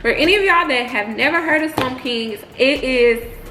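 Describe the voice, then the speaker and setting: A woman's voice: high voice, moderate pace. A young woman, chatting casually and playfully while hosting a mukbang. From Texas, United States. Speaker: co-host of a couples channel. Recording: echoey room with faint hum.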